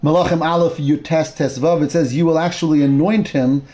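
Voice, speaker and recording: A man teaching a Torah class, retelling a Bible story with animated storytelling and Hebrew terms mixed in. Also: fairly high pitch, moderate pace.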